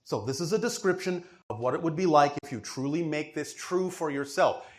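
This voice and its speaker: A man's voice: fairly high pitch, animated, brisk. A man giving a channeled spiritual teaching to a questioner, with an emphatic, didactic delivery and frequent checks that he is understood. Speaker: spiritual speaker answering a questioner.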